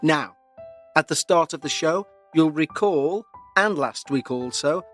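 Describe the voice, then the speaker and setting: A man hosting a paranormal podcast, speaking in an earnest, measured way. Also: fairly high pitch, fairly bright tone, faint music behind. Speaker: podcast host. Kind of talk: scripted paranormal podcast narration.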